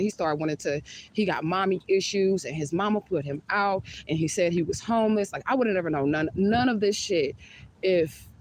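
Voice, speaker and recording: Fast-talking candid woman telling a story. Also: sits low, darkish tone, a little hiss or hum, poor audio. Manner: candid, profane, chatty. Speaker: vlogger. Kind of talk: casual storytime vlog.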